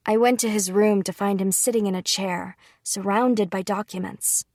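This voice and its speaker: A woman reading a light novel aloud in first person, calm and even. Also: medium pitch, normal speed, hardly any pauses, no echo, studio quality. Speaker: audiobook reader.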